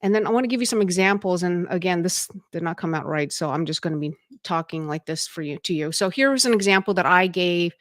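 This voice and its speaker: A woman's voice: on the low side, expressive, fast, no echo, studio quality. A woman hosting a podcast and coaching on leadership, giving casual instructional talk in a conversational way, with many fillers and restarts.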